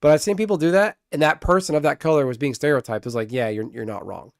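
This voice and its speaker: A man streaming a card game live, chatting casually with viewers, excitable and swearing freely. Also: a little high, fast talker, no room sound, clean studio sound.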